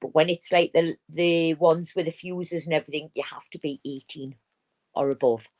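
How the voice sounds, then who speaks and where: A woman from North East England with a broad Geordie accent, talking casually on an online panel. Her voice sits a little low, and she explains at length in a loose, slangy way. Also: steady tone, moderate pace, a little mellow. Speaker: panel guest. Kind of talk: casual live-stream chat.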